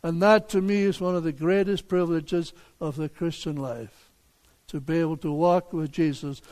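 An older man, a pastor, preaching a sermon in a deliberate, emphatic way, with rhetorical questions for the congregation. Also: fairly high pitch, steady tone, a little mellow. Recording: long hall reverb.

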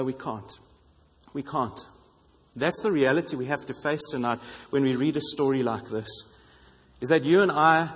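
Earnest male preacher with a husky voice. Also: a little high. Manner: earnest, repeats phrases for emphasis. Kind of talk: sermon. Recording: long reverb of a hall.

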